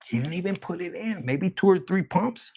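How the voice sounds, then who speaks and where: A man giving a casual tarot reading, rambling, profane and excitable. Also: sits high, normal speed. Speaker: tarot reader.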